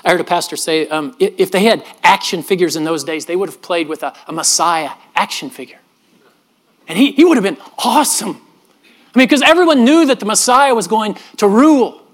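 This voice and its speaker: A middle-aged man, a pastor, preaching a sermon in an earnest manner, often dropping his voice softly and repeating words as he goes. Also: high-pitched. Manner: earnest, with frequent soft drops and repeated words.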